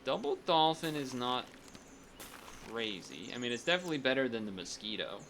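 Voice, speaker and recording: A man's voice: mid-range voice, big pitch swings, brisk, noisy background. A man streaming a strategy game, chatting casually and thinking aloud, often restarting his sentences. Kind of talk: casual gameplay commentary.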